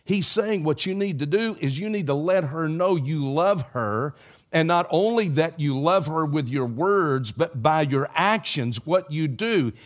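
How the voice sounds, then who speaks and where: An older man preaching a sermon to his congregation, with an earnest, repetitive cadence and folksy asides. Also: on the high side. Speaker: pastor.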